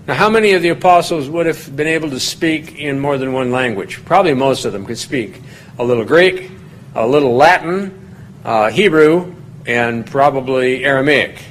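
A man's voice: expressive, normal speed. Folksy man teaching from scripture. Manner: folksy and digressive, rising in pitch and volume when reading scripture aloud. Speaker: pastor teaching a Bible study. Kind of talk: conversational sermon.

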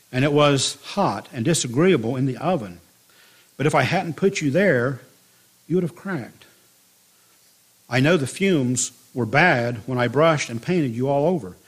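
A man voicing a patient master potter who speaks quietly and gently. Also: medium pitch, husky.

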